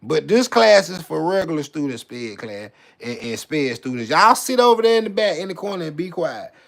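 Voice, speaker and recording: A man's voice: on the high side, sing-song, moderate pace, gravelly, fairly bright tone. A man vlogging in a profane, mocking rant to camera, repeating himself and stumbling over words with swagger. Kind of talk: profane ranting monologue to camera.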